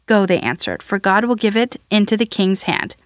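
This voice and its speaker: A woman's voice: mid-range voice, lively intonation, normal speed, no echo. Woman reading scripture, dry close sound. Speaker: Bible reader.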